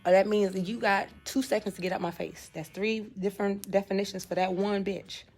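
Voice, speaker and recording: A young woman hosting a casual live chat, animated and laughing, acting out quotes in shifting voices. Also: medium pitch, fairly quick. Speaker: host.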